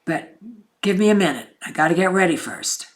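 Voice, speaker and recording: A woman's voice: lowish voice, expressive, normal speed, lightly acted. A woman voicing a suspicious, reclusive man who is wary of visitors, speaking in a guarded, hesitant way.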